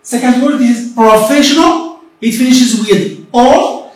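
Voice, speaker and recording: A woman teacher giving a remote English lesson, explaining slowly and deliberately and repeating herself often. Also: a little high. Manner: slow, deliberate explaining with frequent repetition. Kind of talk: recorded remote classroom lesson. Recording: very echoey room, voice far from the mic.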